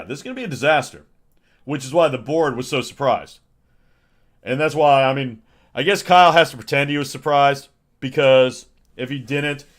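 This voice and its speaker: A man chatting casually on a livestream, rambling and sarcastic, with frequent chuckles. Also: mid-range voice. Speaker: streamer.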